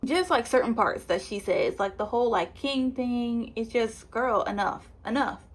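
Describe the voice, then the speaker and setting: A woman giving a chatty, animated recap of a reality show, acting out the people she quotes. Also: a little high, normal speed. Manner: chatty, animated retelling with quoted voices and laughs. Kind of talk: casual spoiler review.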